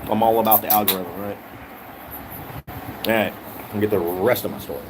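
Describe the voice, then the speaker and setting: A man's voice: on the low side, brisk, noisy background. A man vlogger telling a rant-style story with heavy swearing and a lot of repetition. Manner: animated, profane, repeats himself.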